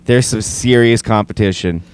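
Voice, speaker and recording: A man hosting a casual podcast chat, playful and teasing, jumping in with quick questions. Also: fairly low pitch, clean tone. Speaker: podcast host.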